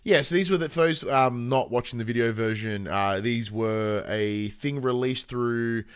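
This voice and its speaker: A man's voice: mid-range voice, moderate pace, clean tone, dry recording, studio quality. An Australian man in his thirties, co-hosting a podcast in a casual chat, rambling with lots of fillers and self-deprecating asides. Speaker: podcast co-host.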